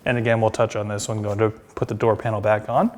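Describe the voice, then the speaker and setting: In a workshop, an installation instructor walks through a step-by-step demonstration in a relaxed way, talking as he works and using plenty of ums and uhs. His pitch is fairly low and his pace quick.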